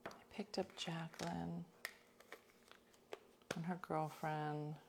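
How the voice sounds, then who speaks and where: A woman host talking casually to her listeners, her voice sitting a little low. She tells stories in an animated, chatty way, and now and then she drops to a whisper for an aside. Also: slow pace, gravelly, noisy background.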